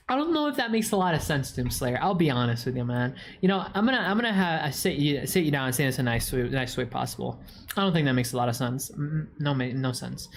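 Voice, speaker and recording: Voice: medium pitch, a little hiss or hum. A streamer with a stuffy nose, casually chatting with viewers and answering their questions, full of crude swearing and mock insults.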